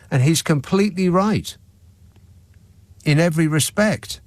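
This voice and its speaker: A man's voice: high-pitched, moderate pace, dry recording. A man hosting a radio phone-in, talking in a sarcastic, mocking, dry-witted way. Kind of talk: opinionated talk radio monologue. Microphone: studio microphone.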